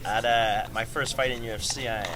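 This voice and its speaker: A man with a French Canadian accent, a fighter telling a story at a press interview, halting with lots of fillers and restarts. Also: mid-range voice, steady tone. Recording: noisy crowded event. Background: crowd chatter.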